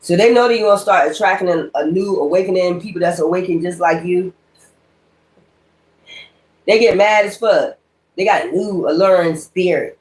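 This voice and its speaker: A woman's voice: fairly low pitch, normal speed, pauses often, darkish tone. A woman giving a spoken tarot reading in a blunt, profane, ranting manner. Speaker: tarot reader. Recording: echoey room.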